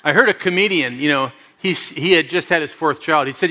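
Bright-voiced storytelling man preacher. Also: a little fast, hardly any pauses. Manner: storytelling, swings from loud animated bits to soft low asides. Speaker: pastor. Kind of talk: sermon.

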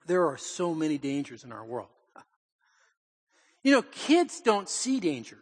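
Older male pastor, high-pitched and animated, storytelling sermon, long reverb in a church. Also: measured pace, pauses often. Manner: animated, acts out quotes, laughs often. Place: church in Portland.

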